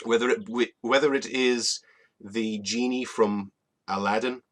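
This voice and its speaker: A man co-hosting a casual online chat show, talking in animated bursts. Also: mid-range voice, a little slow. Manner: animated, rants with rising exasperation. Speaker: co-host.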